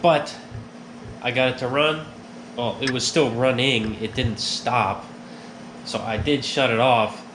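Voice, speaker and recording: Homem falante, com o nariz entupido. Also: male voice, mid-range voice, fairly even intonation, takes it slowly, pauses often, background noise. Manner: chatty storytelling, acts out his own reactions. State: stuffed-up nose. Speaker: garage host. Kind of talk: casual workshop vlog.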